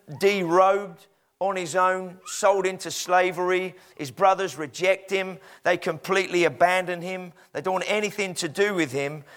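High-voiced preacher. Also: male voice, sharp tone. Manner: conversational storytelling, with fillers. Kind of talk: sermon.

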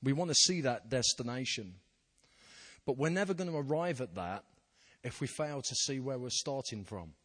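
A man's voice: mid-range voice, expressive, normal speed, a bit bright. A man, a pastor, preaching a sermon in an anecdotal, self-deprecating storytelling manner. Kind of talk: sermon with personal stories.

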